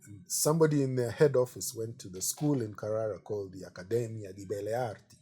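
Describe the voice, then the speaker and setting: A middle-aged man, an artist being interviewed, telling relaxed anecdotes in a chatty way and often saying "you know". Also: on the low side, quick pace, slightly rough. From Kenya.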